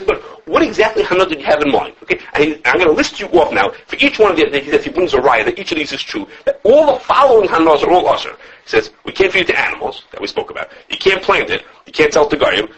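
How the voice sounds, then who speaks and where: A man who teaches a class on religious law. He lectures with lively animation, thinks aloud, restarts his sentences, and quotes his sources as he takes questions from students. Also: sits high, fast, slightly rough, poor audio. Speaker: rabbi teaching a halacha class.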